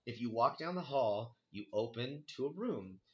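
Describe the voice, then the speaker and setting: A man's voice: medium pitch, animated, moderate pace, a bit bright, dull audio. A young man casually telling a friend a scary story from his past, swearing freely and acting out his own reactions.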